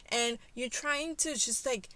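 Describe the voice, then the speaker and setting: A woman voicing an angry adult man confronting his former girlfriend in a narrated life-sim story, speaking loud and indignant. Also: a little high, takes it slowly, dry recording, pitched above the performer's own voice. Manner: indignant, raised voice.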